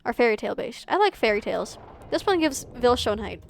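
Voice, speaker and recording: Streaming a game, a young woman rambles through casual gameplay chat, saying "like" constantly. Her voice sits on the high side with vocal fry, very animated, at a moderate pace.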